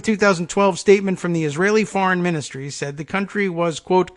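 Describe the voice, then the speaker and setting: A man hosting a podcast, reading news articles aloud and adding dry, sarcastic asides, stumbling over foreign names. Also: fairly high pitch. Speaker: podcast host.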